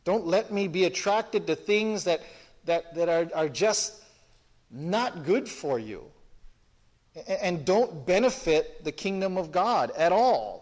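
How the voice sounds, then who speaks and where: A man's voice: sits high, expressive, takes it slowly, a little mellow. A man preaching an expository sermon to a congregation, emphatic, often repeating phrases and restarting sentences.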